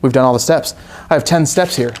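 A man's voice: mid-range voice, fairly quick. Easygoing man chatting while painting. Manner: relaxed, joking, chatty asides. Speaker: art instructor hosting a live painting stream. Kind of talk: casual live tutorial chat.

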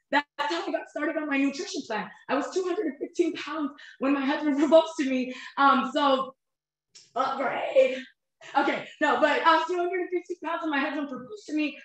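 A woman's voice: high-pitched, fairly quick, a bit bright. A woman in her thirties, a nutrition coach giving an upbeat motivational webinar talk, often checking in with "you guys" and "right?". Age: 30s. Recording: very echoey room.

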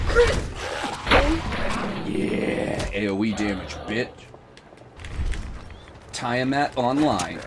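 A man with a sick voice giving casual, excitable commentary over his gameplay, swearing and shrieking high-pitched battle cries. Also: very slow, pauses often, heavy background noise. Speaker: gaming video host.

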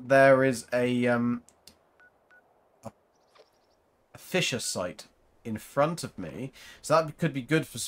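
Chatty man narrating his gameplay. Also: mid-range voice. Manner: rambling, chatty, talks to viewers. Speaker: gaming channel host. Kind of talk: casual gameplay commentary.

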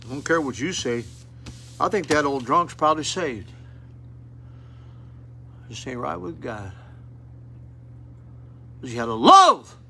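A man's voice: medium pitch, sing-song, takes it slowly, creaky, pauses often, sharp tone, a little hiss or hum. An older man preaching a sermon at a rescue mission, plain-spoken and folksy with fervent appeals, in an auditorium.

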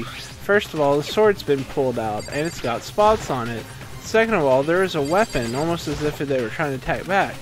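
A young man livestreaming a game, retelling the story in an animated, profane way and slipping into quick voices for the characters. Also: fairly high pitch. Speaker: streamer. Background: game music.

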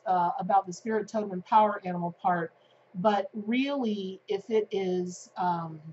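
A woman's voice: mid-range voice, a little mellow. A woman gives a casual spiritual tarot talk straight to her viewers. She is earnest and encouraging, and she rambles with fillers and restarts. The recording is a little muffled, with a faint hiss underneath. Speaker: tarot reader and channel host.

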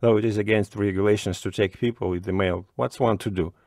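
Male reader voicing a sleepy old postmaster, chatty and loud, lowish voice, dry recording. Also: steady tone, fast talker, no room sound, lightly acted. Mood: persuasive. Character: sleepy fussy older male provincial postmaster.

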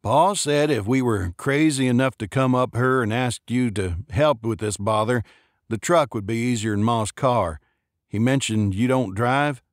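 A man's voice: medium pitch, measured pace, dry recording, clean studio sound, close to an everyday voice. A man voicing a nervous, polite young man who speaks hesitantly and deferentially.

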